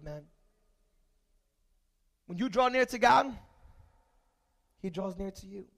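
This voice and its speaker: Man, pastor, sermon, very high voice, bright tone, storytelling that builds to loud repeated calls. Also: vocal fry.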